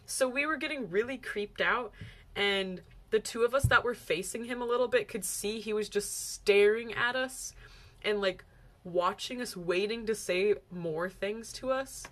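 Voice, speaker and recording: A woman's voice: medium pitch, measured pace, a bit bright. A young woman vlogging, telling a story casually with lots of "like" and acted-out quotes. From United States. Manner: chatty, heavy use of "like", acts out quoted lines.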